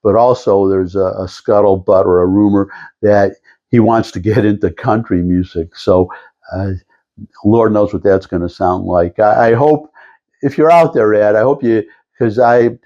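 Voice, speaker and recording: A man's voice: fairly low pitch, steady tone, measured pace. Older guy rambling at the camera, lots of asides and restarts, kinda dull muffled audio. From Detroit area. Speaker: vlogger. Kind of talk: rambling casual monologue.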